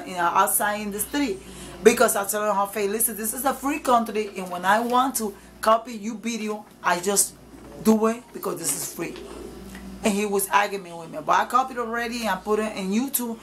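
A woman's voice: medium pitch, slight background noise, poor audio. A woman evangelist preaching informally to camera, emphatic and repetitive, in nonstandard English.

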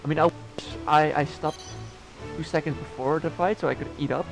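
A man's voice: fairly high pitch, steady tone, brisk, vocal fry. A young man talking casually over his gameplay, rambling and joking to himself, with game music behind. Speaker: gameplay streamer.

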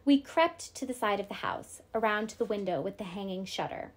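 A woman teacher reading a novel aloud to her class, steady and clear. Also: mid-range voice, a little fast.

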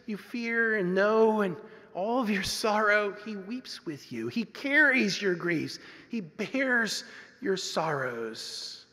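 A male pastor preaching a sermon earnestly, moving between loud emphasis and hushed softness. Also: high-pitched. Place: church sanctuary. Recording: long reverb of a church sanctuary.

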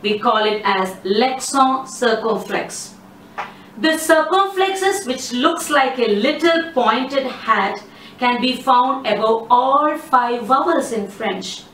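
A woman teaching French in a slow, careful explaining style, with hesitant phrasing as she walks through each rule. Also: on the high side, expressive, fairly bright tone, distant mic. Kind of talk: explanatory online lesson. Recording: echoey room, voice set back from the mic, faint background noise.

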